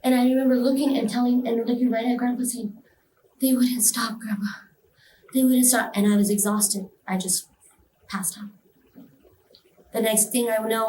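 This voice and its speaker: A woman with a slightly high voice recounts a personal experience as an interview guest, emotional and vivid, acting out other people's voices. The audio is poor and roomy, with a little hiss or hum.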